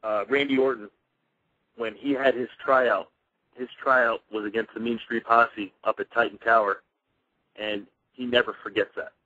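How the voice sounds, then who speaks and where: A man's voice: mid-range voice, fairly even intonation, moderate pace, pushed and bright, dry recording. A former pro wrestler, a man, telling stories in a casual radio interview and acting out the dialogue as he goes. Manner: rambling, with many restarts and quoted dialogue. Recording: dull lo-fi radio audio.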